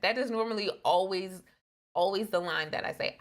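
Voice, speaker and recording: On a casual relationship podcast, a young adult woman co-host tells candid stories in an earnest way. She talks fast, her voice sits on the high side, and the tone is gravelly and fairly bright.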